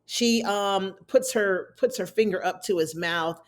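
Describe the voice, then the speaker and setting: A woman's voice: mid-range voice, unhurried. Woman talking thru an episode recap, casual and chatty, fillers here and there. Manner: chatty, retells scenes with acted quotes. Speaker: TV recap host.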